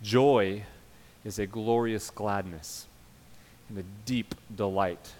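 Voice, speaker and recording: A male pastor preaching a sermon, emphatic, swinging from loud urging to quiet earnest passages. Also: fairly low pitch, steady tone, takes it slowly, long reverb tail, a little hiss or hum.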